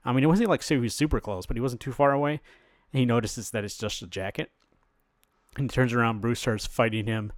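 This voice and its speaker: Here a fast-talking man with a medium pitch comes through clean studio sound with no room sound. He co-hosts a podcast, animatedly recounting a comic's plot, performing the characters' dialogue and swearing casually from time to time.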